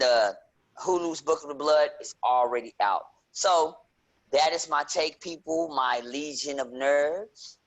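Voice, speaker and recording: A man hosting a casual nerd-culture podcast, talking animatedly and leaping into excited high notes. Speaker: podcast host.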